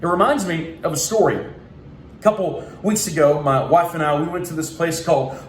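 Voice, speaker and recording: A young man from Oklahoma giving a motivational keynote, energetic and telling a story while acting out the voices in it. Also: a little high, normal speed. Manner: energetic, acts out voices in his stories. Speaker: keynote speaker. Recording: echoey room, faint ambient noise.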